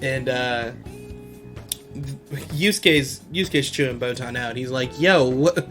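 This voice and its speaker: A man's voice: medium pitch, slow, a bit bright, soft background music. A man hosting a podcast, casually recapping an episode in slangy talk and laughing often. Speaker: podcast host.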